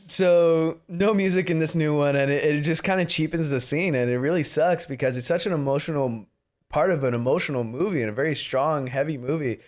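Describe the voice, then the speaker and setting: Young male podcast co-host, profane and animated, slightly raised pitch, jumps into squeaky impressions. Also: a little fast. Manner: profane, animated, mimics characters in high voices. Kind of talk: casual movie review chat.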